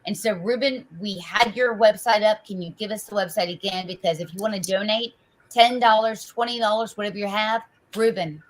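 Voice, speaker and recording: A woman's voice: mid-range voice, fairly quick, poor audio. Conversational woman hosting political talk. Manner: conversational, with frequent fillers and rhetorical asides. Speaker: political talk show host.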